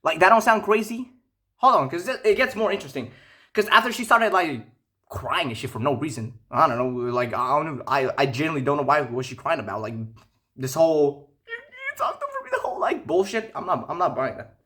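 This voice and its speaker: Animated young man ranting a story. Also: a little high, brisk. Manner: profane, animated, incredulous storytelling. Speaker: vlogger. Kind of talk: casual storytime rant.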